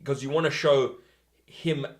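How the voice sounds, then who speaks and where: A man co-hosting a filmmaking podcast, thinking aloud with halting restarts while brainstorming. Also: medium pitch, steady tone. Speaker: filmmaker co-host. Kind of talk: casual brainstorming.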